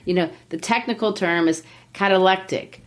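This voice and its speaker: A woman hosting a literature podcast and explaining in a lively, teacherly way, with frequent "you know.". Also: on the low side, normal speed.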